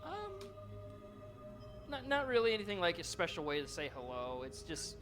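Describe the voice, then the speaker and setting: A man narrating as game master in a tabletop game, relaxed and rambling, with lots of fillers. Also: high-pitched, normal speed. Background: background music.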